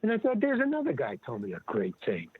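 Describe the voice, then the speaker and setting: An older man, a guest, wanders through casual stories, often restarting and quoting other people. He talks fast in a slightly high voice with huge pitch swings and a breathy edge, heard on a dry, tinny, phone-like line.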